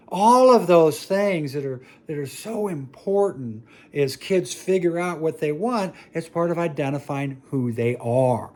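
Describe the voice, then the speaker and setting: A man's voice: animated, a little slow, darkish tone. Man telling stories in a jokey talk. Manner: jokey, self-mocking storytelling with sudden high exclamations. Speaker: speaker on family dynamics. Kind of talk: talk to an audience.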